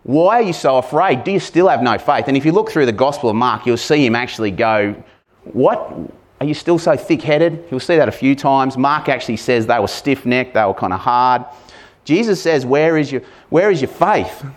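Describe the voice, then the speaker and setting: A man's voice: mid-range voice, lively intonation, moderate pace. Male preacher, casual sermon delivery, engages the congregation with questions. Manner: conversational, asks the congregation questions; acts out shouted lines with sudden loud bursts.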